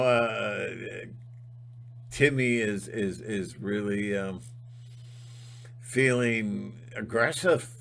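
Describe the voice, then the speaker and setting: A man giving a rambling spiritual monologue, halting and restarting often. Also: lowish voice, fairly bright tone. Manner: halting, full of fillers and restarts. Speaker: channel host.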